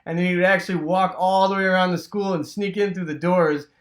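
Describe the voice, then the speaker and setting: A man with a fairly high voice from Wisconsin, telling a childhood story in a loose, rambling way. He leans on fillers and throws in sound effects like "boom" as he goes. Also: steady tone, fast talker. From Wisconsin, USA. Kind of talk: casual personal storytelling.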